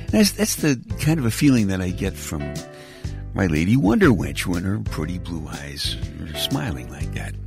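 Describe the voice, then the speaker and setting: An older man from Brooklyn, hosting a bedtime podcast and telling a folksy, rambling story with wry humor. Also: deep voice. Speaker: podcast host.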